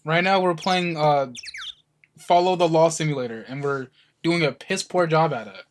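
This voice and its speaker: A man's voice: on the high side, moderate pace, a little hiss or hum. A man streaming a game playthrough, chatting loosely and rambling, with casual swearing. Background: game music.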